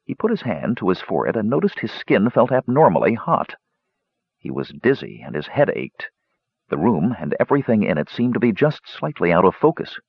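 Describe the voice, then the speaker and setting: A man reads a fantasy story aloud in a lowish, husky voice with lively pitch movement. His narration is expressive. The recording is dull, dry and lo-fi, close to the mic. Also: brisk, no echo. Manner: expressive reading with many character voices. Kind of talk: audiobook narration.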